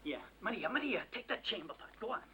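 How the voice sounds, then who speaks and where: A woman's voice: mid-range voice, sing-song, fast talker, noisy background, lightly acted. An actress playing a discreet, chattering female house servant, in a 1970s film drama. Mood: hushed.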